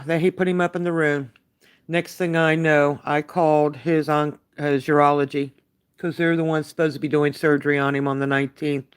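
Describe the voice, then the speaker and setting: An older woman giving a halting, emotionally worn-out live update, greeting her viewers by name and using many fillers. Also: low-pitched, clear, resonant tone. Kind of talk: live-stream chat update.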